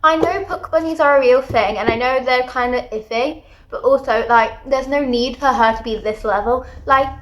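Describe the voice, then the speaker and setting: A woman giving a casual book review vlog, talking in an animated, exasperated rant. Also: high-pitched, moderate pace. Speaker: book vlogger.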